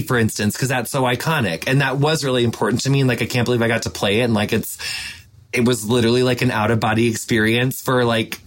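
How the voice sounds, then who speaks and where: A man's voice: medium pitch, slight background noise. A young man hosting a casual chat, gushing and rambling with lots of fillers. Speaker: podcast host.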